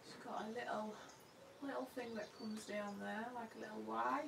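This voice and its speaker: A woman artist talks through a live painting session in a homely, self-deprecating way, murmuring asides as she works. Her voice has a gravelly fry to it. The sound is roomy and a little distant from the microphone. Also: fairly high pitch, fairly even intonation, moderate pace, noisy background. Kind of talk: live painting demonstration, chatty commentary. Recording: roomy sound from away from the mic.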